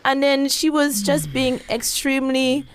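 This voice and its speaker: Animated storytelling woman, gravelly voice. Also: measured pace. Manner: animated, acts out quotes with big pitch jumps. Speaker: podcast co-host telling a story. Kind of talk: casual storytelling chat.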